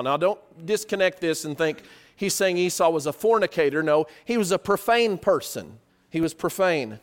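High voiced preacher guy, chatty storytelling sermon, lots of "right?". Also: normal speed. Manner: animated, conversational storytelling with rhetorical questions.

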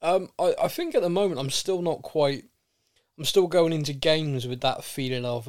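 A man's voice: on the high side, moderate pace. Teasing man on a football podcast. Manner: jokey, teasing, sarcastic banter. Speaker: podcast co-host. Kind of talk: casual football chat.

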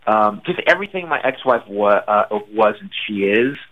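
A comedian being interviewed on the radio, telling stories in a lively way and acting out quotes with big jumps in pitch. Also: male voice, normal speed, phone-quality sound. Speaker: comedian guest.

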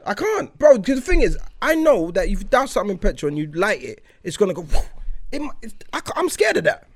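Animated podcast host, lively storyteller, pitch swings a lot. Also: male voice, fast. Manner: animated storyteller acting out both sides, laughing and swearing. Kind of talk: casual chat, storytelling.

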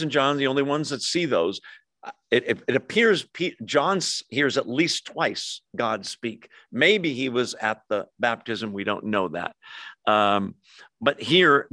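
A man's voice: mid-range voice, no room sound. A man preaching a sermon and teaching verse by verse, putting questions to his listeners. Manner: expressive preaching, asks the congregation questions. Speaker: pastor.

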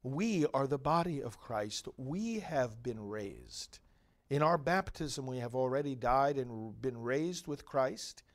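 Slow, solemn male priest. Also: medium pitch. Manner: measured, solemn phrasing with long pauses. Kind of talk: liturgical reading and homily.

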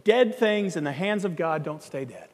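A man preaching a sermon, telling a story in a conversational, animated way and acting out the dialogue. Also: high-pitched, normal speed. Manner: animated, acts out quoted dialogue, conversational asides. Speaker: pastor. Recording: long hall reverb.

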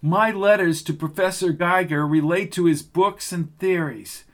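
A man voices a young farm girl from an audiobook, lifted high in pitch. She is earnest and defiant, pushing back with indignation. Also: unhurried, a bit bright. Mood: defensive.

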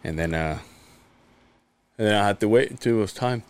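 This podcast co-host has a fairly low, smooth, slightly mellow voice and talks fairly quickly. He tells casual, profane stories and acts out his coworkers' voices as he goes.

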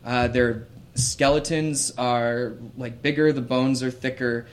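A man acting as game master, narrating scenes in a relaxed, descriptive way with many fillers. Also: medium pitch, slow.

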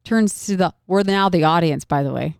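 A young woman chats through a long story as podcast co-host, animated and quick to swear and laugh. Her voice sits slightly low. The sound is dry and close, with no room echo. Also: vocal fry, clear, resonant tone. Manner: animated, profane, laughs often. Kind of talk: casual storytelling chat.

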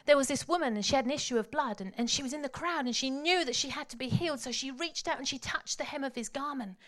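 A woman preaching a sermon, telling the story dramatically and swinging from hushed tones to loud calls. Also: sits high, fast.

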